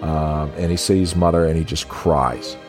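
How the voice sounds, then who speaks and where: Over faint synth music, a man with a rumbling low, darkish voice speaks steadily and a bit slowly. He's a podcast co-host in a casual film review chat, talking loosely, laughing often, and acting out lines from the film.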